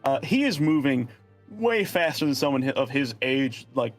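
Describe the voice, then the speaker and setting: A man's voice: mid-range voice, very animated, moderate pace, faint music behind. A young man running a tabletop game as game master, narrating casually with fillers and restarts.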